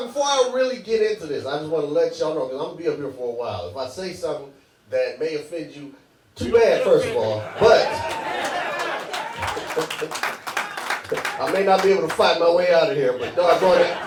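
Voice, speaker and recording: High-voiced stand-up comic in an echoey club. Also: male voice. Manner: loose, chatty, laughing at his own jokes. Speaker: stand-up comedian. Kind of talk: stand-up comedy set. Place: comedy club stage. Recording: echoey club, mic at a distance, crowd.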